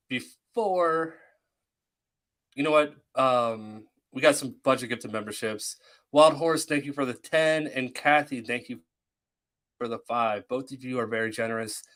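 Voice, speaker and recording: Male stream host, middle pitch, easygoing chat. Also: unhurried, a bit bright. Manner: easygoing, thanks viewers and chats with guests. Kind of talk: casual chat.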